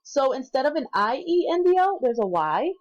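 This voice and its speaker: Woman instructor, fairly high voice, patient, recorded lesson, repeats words slowly. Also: very animated, highs cut off. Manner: corrects herself aloud. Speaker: Spanish instructor.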